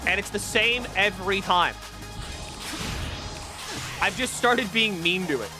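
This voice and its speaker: A man streaming a video game, giving profane, animated commentary while he plays. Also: high voice, unhurried. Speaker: gaming streamer. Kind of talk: live-stream gameplay commentary. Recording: game music behind the voice.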